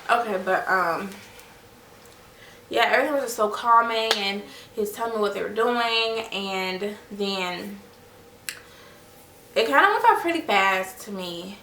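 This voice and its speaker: A young woman with a bright, slightly gravelly voice chats to her viewers as she tells a personal story. She talks casually and acts out other people's lines as she goes. The sound is roomy and a little distant, with a faint hum of the room behind her. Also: medium pitch, measured pace, long pauses. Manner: chatty, addresses viewers as "you guys" and "y'all". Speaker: vlogger. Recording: echoey room, mic at a distance.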